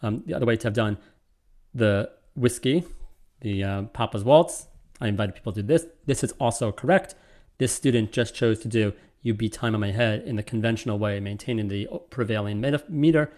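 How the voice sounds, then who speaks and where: A man's voice: fairly low pitch, brisk, a little mellow. A man giving an online literature lecture, explaining and thinking aloud as he goes. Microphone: video call.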